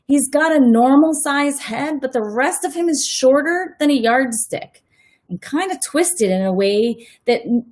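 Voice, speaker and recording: A woman teacher reads a novel aloud as a nightly bedtime reading for her listeners. Her voice sits a little high. She keeps stopping to chat and correct her own slips. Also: a little mellow. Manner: chatty, self-correcting asides. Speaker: read-aloud host, teacher.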